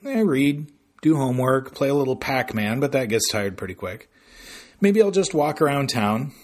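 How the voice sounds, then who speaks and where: A man's voice: medium pitch, very animated, moderate pace, pitched above the performer's own voice. A man voicing a sarcastic seventeen-year-old boy who grumbles about his plans. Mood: musing.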